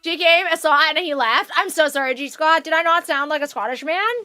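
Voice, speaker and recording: A young woman chatting on a live stream from her room at home. She rambles cheerfully and swears often, her voice high and bright. The sound is dry and close, with faint music behind her. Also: fairly quick, no room sound. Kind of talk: casual chat on a live stream.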